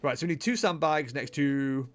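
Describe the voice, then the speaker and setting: A man streaming a video game and commenting casually, animated and jokey, with muttered asides. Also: fairly high pitch, normal speed, soft background music. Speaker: gameplay streamer. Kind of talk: casual gameplay livestream commentary.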